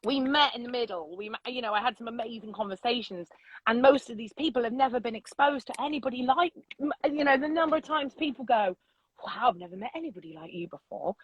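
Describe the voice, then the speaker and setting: A middle-aged woman, a loud and unapologetic storyteller chatting as an interview guest from her vintage bus. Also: a little high, quick pace, no room sound, lo-fi sound. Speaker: podcast guest. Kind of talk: casual interview chat.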